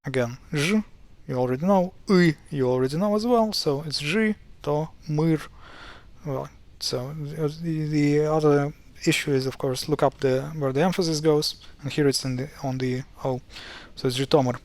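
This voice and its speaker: A man's voice: a little high, moderate pace, darkish tone. Hesitant man explaining pronunciation. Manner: hesitant, many fillers and self-corrections. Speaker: language teacher. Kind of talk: casual explanatory lesson.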